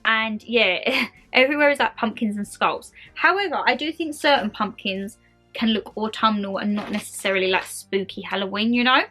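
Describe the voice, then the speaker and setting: Upbeat woman vlogger, rambling and gushing; bright, fairly high voice. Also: normal speed, faint music behind. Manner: bubbly, rambling, gushing with excitement. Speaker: lifestyle vlogger showing a shopping haul. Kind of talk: chatty haul vlog.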